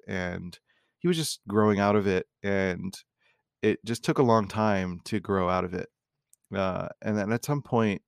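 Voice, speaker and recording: A man hosting his own podcast, talking in a rambling, reflective way with many fillers and restarts, in a low morning voice. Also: gravelly, smooth, dry recording, clean studio sound. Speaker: podcast host. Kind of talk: casual solo podcast monologue.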